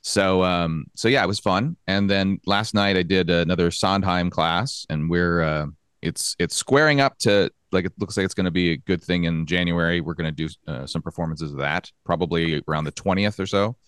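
A man chatting as a guest in an easygoing, mumbly way, now and then trailing off. His voice sits quite low and is recorded dry and close. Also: moderate pace, fairly bright tone, smooth, no room sound. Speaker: podcast guest. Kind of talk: casual chat.

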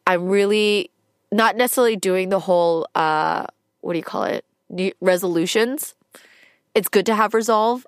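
A woman's voice: medium pitch, no echo, studio quality. A woman giving an earnest, rambling personal monologue as a vlogger, full of "like"s and emotion that sometimes turns tearful. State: tearful at times.

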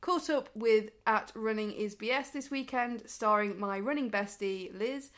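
A woman's voice: fairly high pitch, unhurried, a bit bright. A woman co-hosting a casual podcast, giggly and self-deprecating. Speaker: podcast co-host.

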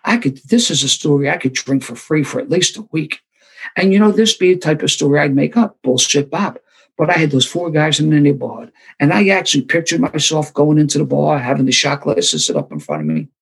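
A man's voice: fairly high pitch, expressive, fairly quick, creaky, husky. An older man, telling his recovery story at a sober meeting with self-deprecating humor. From Philadelphia.

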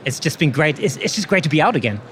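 Man, trade show host, upbeat, fairly high voice, faint background hum. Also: sing-song, fast talker. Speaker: host interviewing exhibitors. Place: busy exhibition hall.

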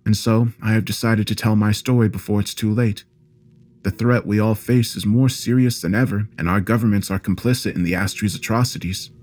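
Low-voiced man narrating a horror story. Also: brisk. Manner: steady, grave storytelling. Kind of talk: scripted first-person narration.

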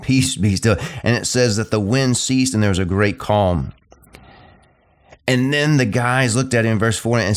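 A middle-aged man preaching a sermon, repeating short phrases and slowing down to stress key points. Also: mid-range voice. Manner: emphatic, repetitive preaching cadence, slows down on key phrases.

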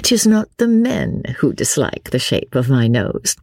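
A woman plays a witty young noblewoman in a storybook reading, coquettish and sarcastic in her teasing. The voice is husky with a gravelly edge and animated pitch. It sounds dry and close. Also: unhurried, no room sound, full character voice. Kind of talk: audiobook character reading.

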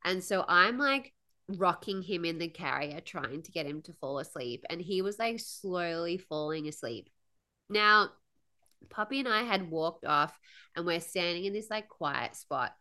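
A woman co-hosting a podcast, telling travel stories in a lively, laughing way. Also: fairly low pitch, a little slow. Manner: animated, laughs often while telling stories. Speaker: podcast co-host. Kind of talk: casual storytelling chat.

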